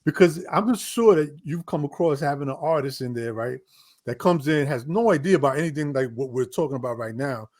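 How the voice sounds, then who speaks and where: A man's voice: fairly high pitch, fairly quick, a little mellow. A man hosting a casual interview, agreeable and curious, often answering "right, right".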